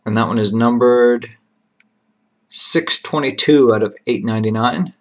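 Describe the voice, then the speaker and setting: A man hosting a trading card box break, steadily announcing each card, who it goes to and its serial number, with brief quiet asides of admiration. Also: medium pitch, a little slow. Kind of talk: live card-opening commentary.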